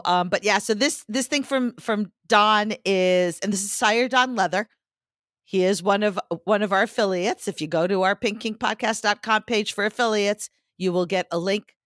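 Bright, teasing woman with a hoarse voice. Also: mid-range voice, no echo, studio quality. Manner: animated, teasing storyteller. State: hoarse, lost voice. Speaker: podcast co-host. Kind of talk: casual chat.

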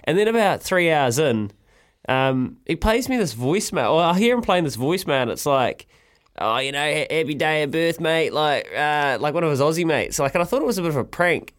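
A New Zealand man chatting on the radio with a slightly higher voice. He tells a story with lots of energy and jumps up in pitch when he quotes people. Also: brisk. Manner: animated storytelling, acting out quotes in a raised voice. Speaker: radio host. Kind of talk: casual chat.

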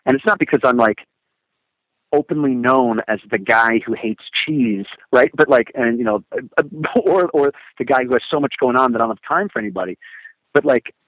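Male guest, middle pitch, lively storyteller on a close, dry mic. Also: normal speed, no echo, low-quality recording. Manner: animated storytelling with emphatic repetitions. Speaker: guest, motivational speaker. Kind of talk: casual conversation.

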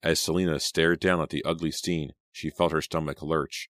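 A man with a very deep voice narrates a teen horror story in a deliberate, suspenseful way. The recording is dry and close, with no room sound around him. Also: flat delivery, fairly bright tone, no room sound. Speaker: audiobook narrator.

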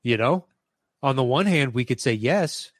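A man in casual conversation, swearing freely as he relives favorite scenes from a TV comedy. His voice sits at a middling pitch and sounds close and dry, with no room around it. He slips into bits of the characters' lines as he talks. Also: unhurried, no echo. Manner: animated, acts out quoted lines, swears. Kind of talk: casual chat about a TV show.

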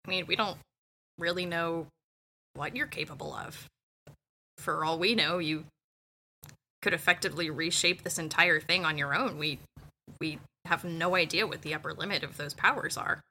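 A woman playing a tabletop game, speaking in a thoughtful, measured way. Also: sits low, pushed and bright. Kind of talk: casual in-character play.

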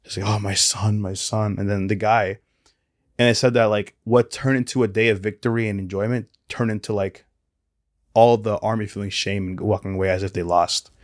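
A man co-hosting a casual Bible discussion podcast, retelling stories loosely with many fillers and quick acted quotes. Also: fairly low pitch, fairly even intonation, no room sound, studio quality. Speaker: podcast co-host.

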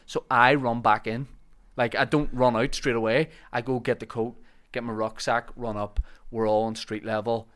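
A man's voice: medium pitch, normal speed, hardly any pauses. Man hosting a podcast. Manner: animated anecdote teller, acts out shouted quotes. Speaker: podcast host. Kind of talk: casual podcast chat.

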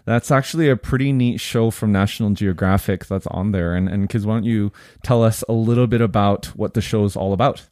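A man co-hosting a casual family chat, easygoing and quick to laugh. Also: lowish voice, darkish tone, dry recording, clean studio sound. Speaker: podcast co-host and father.

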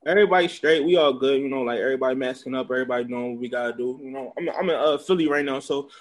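Young philly guy chatting fast, loose, lots of likes and you knows. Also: mid-range voice. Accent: Philadelphia. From Philadelphia. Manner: laid-back, filler-heavy rambling. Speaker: interview guest, music promoter. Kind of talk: casual interview chat.

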